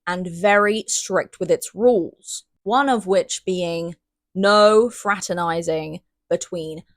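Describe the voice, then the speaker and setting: A woman's voice: fairly low pitch, takes it slowly, no echo. A young British woman from Great Britain chatting casually in a book review vlog, bubbly and playfully dramatic. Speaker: book vlogger.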